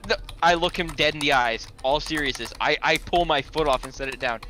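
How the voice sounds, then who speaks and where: A man's voice: on the high side, brisk, few pauses, sharp tone, a little hiss or hum. A man playing a tabletop game, earnestly describing what his character does. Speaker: player. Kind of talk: tabletop role-play chat.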